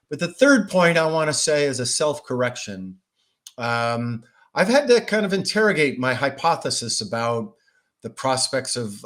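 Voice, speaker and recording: A man's voice: medium pitch, a bit bright. Man as a Russia expert guest, reflective answers with restarts. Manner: thoughtful, with frequent restarts and hedging fillers. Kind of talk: conversational interview answers.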